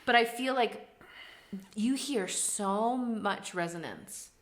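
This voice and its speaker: A middle-aged woman voice teacher, co-hosting a casual reaction chat, talking eagerly and jumping in with quick agreement. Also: fairly high pitch. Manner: enthusiastic, quick agreeing interjections. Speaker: voice teacher and co-host.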